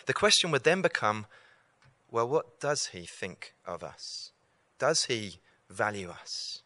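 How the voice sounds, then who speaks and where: A man's voice: medium pitch, very animated, takes it slowly, bright, forceful tone, no room sound. A man giving an evangelistic talk to students, earnest and repeating key lines for emphasis. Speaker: campus preacher.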